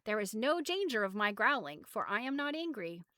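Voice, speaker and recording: A woman voicing a big, boastful but gentle male storybook beast who talks in a proud, earnest way. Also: on the high side, big pitch swings, normal speed, no echo, clean studio sound.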